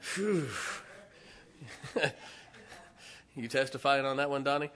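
A man's voice: mid-range voice, slow, fairly bright tone, in a large hall. A man preaching a conversational sermon as pastor, folksy and joking with his congregation. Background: congregation responding.

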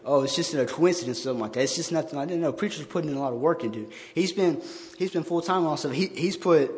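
A man's voice: a little high, fast talker. A man giving an earnest, informal sermon in place of his pastor, talking conversationally and often restarting his words. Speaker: lay church member preaching in the pastor's place. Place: church sanctuary. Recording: long church-hall reverb.

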